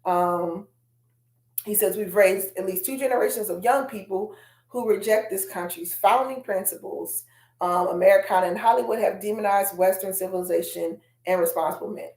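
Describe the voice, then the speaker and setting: A woman's voice: medium pitch, normal speed, a little mellow, reverberant. A woman hosting a casual commentary vlog, chatting straight to her viewers and reading quotes aloud. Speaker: host.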